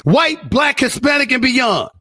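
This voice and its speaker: A man's voice: extremely high pitch, very animated, measured pace, sharp tone, slightly rough. An earnest, upbeat man speaking from a studio.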